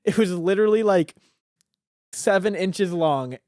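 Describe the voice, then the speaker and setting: A man's voice: high-pitched, measured pace, a little mellow, no room sound, studio quality. A teenage man, a podcast guest, telling a rambling story in casual chat with plenty of filler words. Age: teens.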